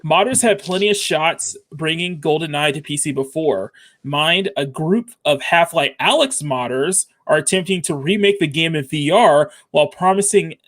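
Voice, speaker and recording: A man's voice: fairly high pitch, a bit bright. A man co-hosting a live-streamed talk show, reading articles aloud and chatting with frequent restarts. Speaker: co-host. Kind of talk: casual chat on a live stream. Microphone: remote call mic.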